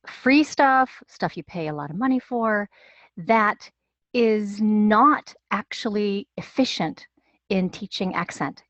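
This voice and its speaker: A woman working as a dialect coach answers interview questions in a measured, explanatory way, with fillers and restarts. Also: medium pitch, a bit bright, no echo.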